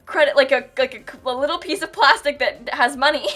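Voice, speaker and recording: A woman's voice: high voice, fairly quick, a bit bright. Giggly american girl from florida chatting on stream, lots of ums, faint music behind. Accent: General American. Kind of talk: casual live-stream chat.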